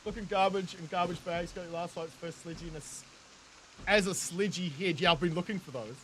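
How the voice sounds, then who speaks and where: Slight background noise accompanies a fairly quick, high male voice with a fairly bright tone. He is a thirty-something game streamer with a New Zealand accent whose casual, joking commentary to viewers is full of laughter and free swearing.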